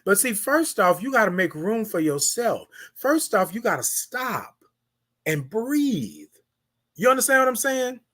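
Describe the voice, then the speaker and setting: His voice is high and sing-song with a sharp tone, moving at a measured pace. As a morning-show host, he gives an informal, slangy motivational sermon, pumping up listeners, naming them directly, and repeating phrases to drive points home.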